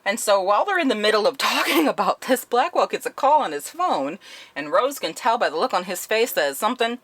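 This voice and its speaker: A woman's voice: medium pitch, animated, brisk, a bit bright, no room sound. A woman giving a casual spoken book review, retelling the plot bluntly and swearing often.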